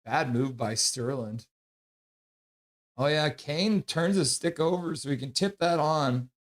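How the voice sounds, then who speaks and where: Excitable, higher-pitched hockey streamer man. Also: takes it slowly. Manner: excitable, reads chat aloud, chants and yells. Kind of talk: live play-by-play and chat reaction.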